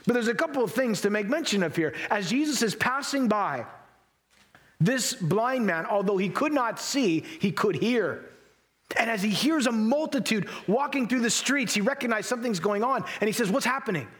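A man's voice: high voice, lively intonation, normal speed, fairly bright tone. A man delivering a sermon, his voice sitting a little above the usual male range. He preaches earnestly and with emphasis, bringing Bible scenes to life as he tells them. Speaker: pastor.

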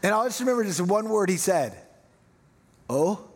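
A middle-aged man preaching a sermon, telling self-mocking stories in an animated way. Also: sits high, fast. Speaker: pastor. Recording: long hall reverb.

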